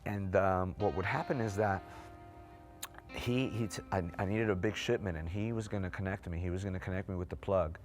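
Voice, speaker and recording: Man, low-pitched voice, rapid personal testimony, fillers and restarts, clear music behind. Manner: fast-talking, with frequent fillers and restarts. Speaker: testimony speaker. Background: background music.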